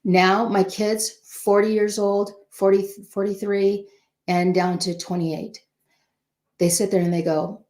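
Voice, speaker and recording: An older woman giving parenting advice in a casual chat, telling animated stories and acting out the dialogue. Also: mid-range voice, slow pace. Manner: animated storyteller who acts out quoted dialogue. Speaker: parenting guest. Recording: roomy echo.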